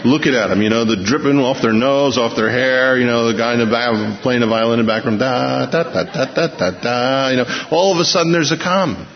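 A man preaching a sermon in a storytelling way, acting out the lines of the people in the story and changing his pace and loudness. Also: medium pitch, fast talker, hardly any pauses. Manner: storytelling, acts out quotes with shifting pace and volume. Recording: dull, muffled sound in a long-reverb hall.

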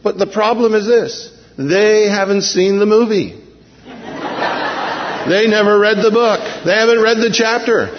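A male pastor delivers a sermon with a fairly high voice and an animated storytelling manner, jumping into the frightened voices of the people in his story. The sound is dull and muffled, and a long reverb hangs in the hall. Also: unhurried, background noise.

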